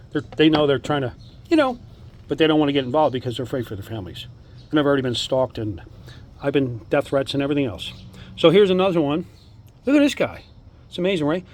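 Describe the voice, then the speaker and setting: Man, slightly high voice, eager rambling show-and-tell, casual phone vlog. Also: fast, a little hiss or hum. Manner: excited, rambling, jumps between topics. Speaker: amateur artifact collector.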